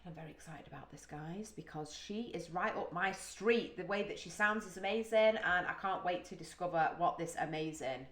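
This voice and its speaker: A woman's voice: lowish voice, moderate pace, few pauses, a bit bright. A British woman from the UK hosting a music reaction, talking casually and emotionally, thinking aloud with gasps and sighs. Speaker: music reaction video host. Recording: roomy echo.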